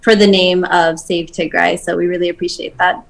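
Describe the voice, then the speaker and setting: A woman's voice: lowish voice, level tone, moderate pace, creaky. A woman co-hosting a live charity auction, introducing guests with effusive praise. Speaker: fundraiser co-host.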